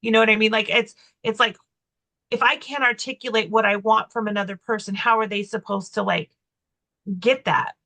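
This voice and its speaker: A woman's voice: a little high, fairly even intonation, moderate pace, gravelly, sharp tone. A woman co-hosting a podcast, telling a personal story in casual chat, rambling with lots of fillers and restarts, candid and self-mocking. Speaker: podcast co-host.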